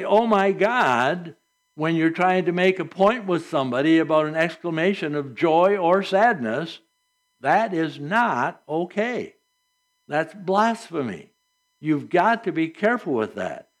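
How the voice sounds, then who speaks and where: Guy preaching, kinda high voice, earnest and emphatic, reads bible verses. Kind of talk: sermon.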